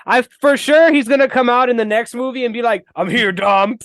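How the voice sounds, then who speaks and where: A man with a high, light voice co-hosts a loose podcast conversation. He rants with animated, cursing energy and laughs often. The sound is close and dry, with no room around it. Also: quick pace, clean tone, no room sound. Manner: animated, profane ranting with frequent laughs. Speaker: podcast co-host. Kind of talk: casual movie-talk chat.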